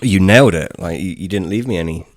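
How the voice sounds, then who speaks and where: A man's voice: low-pitched, quick pace, dry recording. A man, co-hosting a podcast in casual, jokey chat with many restarts. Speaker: podcast co-host.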